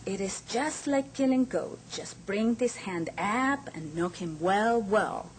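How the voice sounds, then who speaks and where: A woman's voice: mid-range voice, expressive, slow pace, a little hiss or hum. A woman reading aloud a brutal male militia commander's words, harsh and barking commands at a child. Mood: harsh, commanding.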